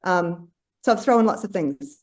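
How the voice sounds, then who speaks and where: A woman's voice: lowish voice, animated, unhurried, a crowd in the background. A woman speaking as a podcast guest, reflective and searching for words, with many fillers and restarts. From Australia. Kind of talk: reflective conversation.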